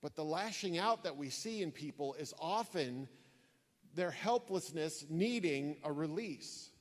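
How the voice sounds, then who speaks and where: A man's voice: a little high, expressive, a little slow, long reverb tail. A man giving an earnest sermon-style talk to a church audience, telling stories and repeating key phrases for emphasis. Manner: earnest storytelling, emphatic repetition. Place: church hall before an audience.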